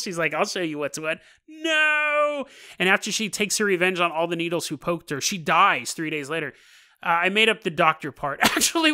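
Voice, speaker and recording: A man hosting a podcast, telling a strange story with jokes, laughing and acting out little voices as he goes. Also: on the high side. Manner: animated, joking, acts out voices with laughs. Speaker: podcast host. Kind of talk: comedic storytelling.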